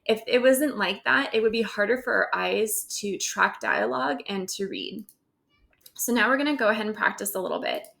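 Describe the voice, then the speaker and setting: A woman's voice: medium pitch, sing-song, moderate pace, vocal fry, fairly bright tone. A woman teacher recording a grammar lesson over slides, explaining step by step and often checking in with "right?".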